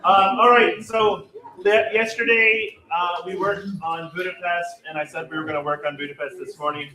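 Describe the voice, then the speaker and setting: A man's voice: high voice, steady tone, normal speed, bright, forceful tone. A man directing a choir rehearsal, upbeat and joking, demonstrating the sounds he wants by singing them. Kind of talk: rehearsal instruction. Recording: echoey room, far mic, singers around.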